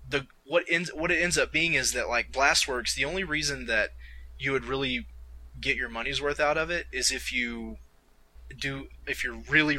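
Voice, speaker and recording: A man's voice: medium pitch, bright, forceful tone, rough recording. A man co-hosting a casual podcast, talking in a rambling, self-correcting way about games he played. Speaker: podcast co-host. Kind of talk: casual chat.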